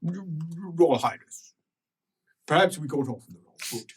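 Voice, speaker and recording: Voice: medium pitch, lively intonation, a little slow, slightly rough, far from the mic. A game master doing a stammering, flustered male ambassador. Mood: placating. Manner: stammering, hesitant, apologetic. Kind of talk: improvised tabletop role-play.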